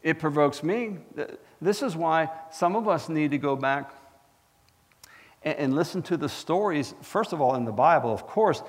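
A man preaching a sermon as pastor, animated and asking the congregation questions. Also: fairly high pitch, moderate pace, in a large hall. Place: church.

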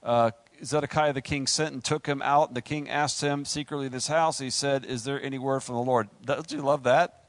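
In a dry recording, a man delivers a sermon casually and humorously, playing out quick asides and then rising into high-pitched, excited preaching.

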